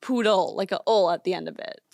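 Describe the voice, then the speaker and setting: A woman's voice: lowish voice, brisk, vocal fry, darkish tone, no echo, studio quality. A young woman co-hosting a podcast, chatting casually and giggling, with lots of "like". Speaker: podcast co-host. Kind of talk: casual chat. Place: studio.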